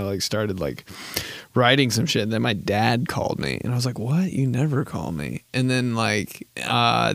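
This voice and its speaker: A young man on his own podcast, riffing in a rambling, self-mocking, profane way, full of "like" and quick laughs. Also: mid-range voice, vocal fry, smooth, no room sound. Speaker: podcast host. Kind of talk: casual comedic storytelling.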